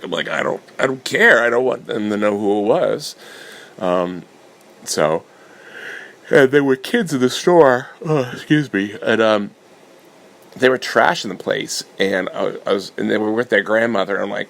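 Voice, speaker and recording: A man hosting a podcast, telling his dreams in a meandering casual monologue, getting animated when he quotes himself. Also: fairly low pitch, normal speed, vocal fry. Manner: meandering, full of restarts and fillers, animated when quoting himself. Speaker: podcast host recounting dreams.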